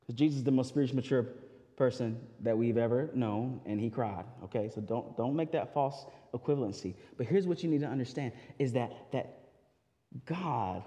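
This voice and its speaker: A male pastor preaching a sermon in a lively, conversational way. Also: fairly high pitch. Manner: animated, conversational, acts out voices and laughs. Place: church sanctuary. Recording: long hall reverb.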